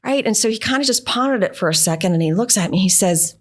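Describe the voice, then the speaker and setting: A woman's voice: medium pitch, expressive, quick pace. A middle-aged woman, an engineering leader, telling stories earnestly in an interview and often checking in with "right?". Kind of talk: conversational storytelling.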